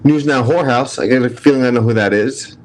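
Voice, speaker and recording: Talking fast in a medium-pitched, darkish voice, a livestream host with a thick New York accent banters with his viewers. He's brash and profane, and the recording quality is low.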